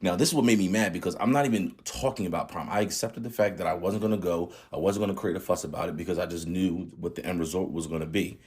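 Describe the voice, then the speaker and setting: A man in his thirties recounts a painful family memory in a candid, conversational way. His voice sits low and carries a husky edge. He talks in loose slang, as if to friends. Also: quick pace, hardly any pauses, a little mellow. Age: 30s. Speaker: channel host. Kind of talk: storytelling vlog.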